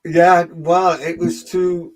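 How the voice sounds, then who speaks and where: A man's voice: a little high, flat delivery, takes it slowly. A man with a Geordie accent, working as a medium and chatting through a live online reading session while greeting viewers by name.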